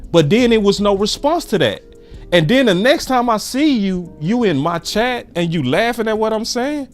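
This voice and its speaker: Animated slangy male podcast host. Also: high voice, moderate pace, faint music behind. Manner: animated, slangy, storytelling with quoted exchanges. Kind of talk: casual heated chat.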